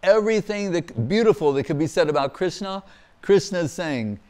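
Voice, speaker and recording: A man giving a devotional lecture as a monk, telling scripture stories in an animated way and acting out the quotes. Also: high voice, moderate pace. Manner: animated storyteller, acts out quotes with laughter. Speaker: monk giving a spiritual discourse.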